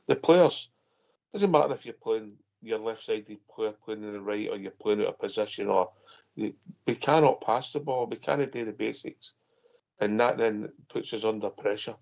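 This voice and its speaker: A man's voice: lowish voice, moderate pace, gravelly, a little mellow. A man hosting a football phone-in, giving a blunt, frustrated match review and calling his co-host mate. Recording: dull lo-fi audio.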